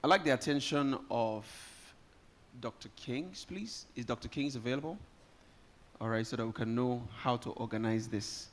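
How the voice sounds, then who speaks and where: Nigerian male emcee, mid-pitched, jokey and rousing with a live crowd. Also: moderate pace. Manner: lively, joking, rallies the audience. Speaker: event host. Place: conference hall, live audience.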